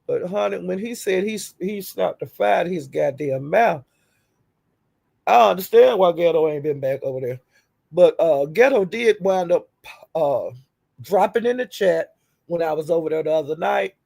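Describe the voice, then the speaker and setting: Gravelly lady on her livestream, cussing and cackling thru a story. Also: on the low side, animated, normal speed, dark tone. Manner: profane, laughing storyteller. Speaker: livestream host. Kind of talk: casual livestream rant.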